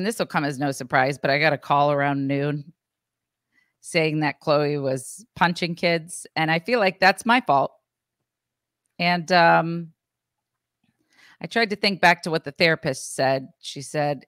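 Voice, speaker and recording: Woman, lowish voice, dry close sound, casual storytelling, acts out quotes. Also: unhurried, a bit bright, no echo. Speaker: podcast co-host.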